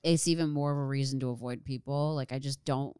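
A young woman co-hosts a podcast in a relaxed, chatty way, swearing casually and acting out quotes as she goes. Her voice sits low and sounds smooth and clear. The sound is dry and close. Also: quick pace, no room sound. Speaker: podcast co-host. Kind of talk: casual chat.

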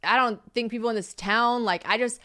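A young woman hosting a podcast, chatting casually and telling lively stories, acting out quotes and swearing freely. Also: fairly high pitch, brisk. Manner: animated storytelling, acting out quotes, frequent swearing. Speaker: podcast host. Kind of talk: casual chat.

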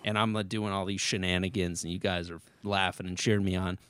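A man's voice: low-pitched, little pitch movement, quick pace, a bit bright, clear, resonant tone, no room sound. A man, a guest on a podcast, telling rambling anecdotes in casual chat, swearing freely.

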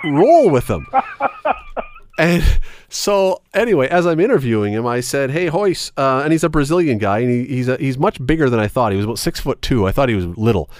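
A man hosting a podcast, telling anecdotes in casual chat and laughing often. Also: medium pitch. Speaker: podcast host.

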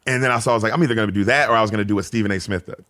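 A man in his thirties from Memphis, a comedian guest rambling through animated stories in casual podcast chat, full of restarts. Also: lowish voice, very fast. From Memphis, Tennessee. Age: 30s.

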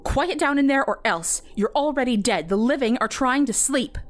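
A woman's voice: high-pitched, expressive, moderate pace, pitched above the performer's own voice. A woman narrator voicing a terrified teenage girl who pleads tearfully with her father in a horror story. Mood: taunting.

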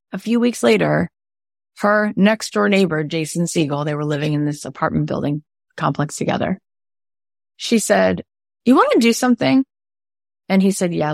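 Animated woman coaching, dry close sound. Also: fairly low pitch, no echo. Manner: animated storyteller, acts out quoted voices; earnest and inspirational. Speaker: podcast coach. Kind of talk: motivational online workshop talk.

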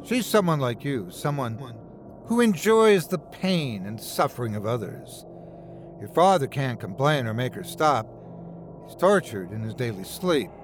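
Vengeful female ghost, mournful and accusing, low hushed delivery, read by a male narrator. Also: very animated, unhurried, a little hiss or hum. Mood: bitter.

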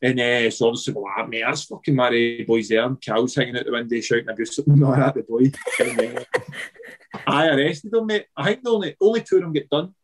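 On a poor recording with slight background noise, a Scottish ex-footballer with a medium-pitched voice talks fast through a wild anecdote in casual chat. Animated and freely swearing, he acts out what others said.

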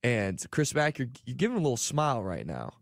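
A man's voice: medium pitch, wildly swooping pitch, brisk, vocal fry, dry recording, clean studio sound. A man co-hosting a sports betting show, laid-back and offhand. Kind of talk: casual sports talk.

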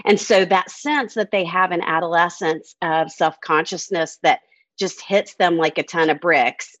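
A woman's voice: on the low side, measured pace, fairly bright tone, dry recording, dull audio. A woman, a counselor and camp director, speaking candidly and reflectively in a podcast conversation.

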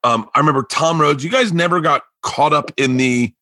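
A man's voice: fairly high pitch, fairly quick, no echo. A man from Florida hosting a podcast, telling stories in casual chat and acting out the people he quotes. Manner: animated, acts out quoted voices. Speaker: podcast host.

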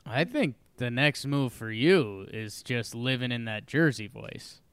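A man co-hosting a casual sports podcast, quick to agree and making jokey asides. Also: medium pitch, animated, a bit bright, clear, resonant tone, no echo, clean studio sound. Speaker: podcast co-host.

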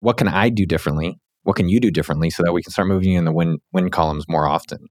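Fast-talking deep-voiced male podcast host. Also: no room sound, studio quality. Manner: animated, rambling with restarts. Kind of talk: casual interview chat.

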